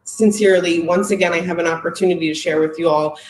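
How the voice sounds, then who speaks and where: A woman's voice: fairly low pitch, fairly even intonation, quick pace, reverberant, a little hiss or hum, poor audio. A woman, a company marketing executive, giving a heartfelt, emotional live presentation on a video call, close to tears.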